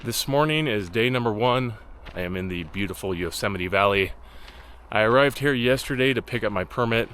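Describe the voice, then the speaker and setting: A man narrating his long-distance hike in a dry, deadpan vlog style, delivering jokes flatly. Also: lowish voice, fairly quick, a little hiss or hum. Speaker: hiking vlogger. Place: outdoors on a mountain trail.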